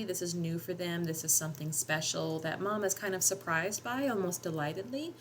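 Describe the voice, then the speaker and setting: A writer and editing teacher gives a casual tutorial on editing a short story, speaking fairly quickly with few pauses and lively intonation in a mid-range, slightly bright voice. She has a Southern drawl from North Georgia Appalachia, thinks aloud with lots of ums, and there's a little hiss or hum.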